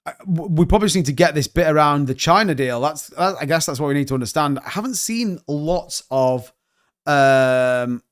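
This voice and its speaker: A man's voice: on the high side, lively intonation, normal speed. A man hosting a casual livestream, joking and bantering as he reads out chat comments. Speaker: crypto livestream host.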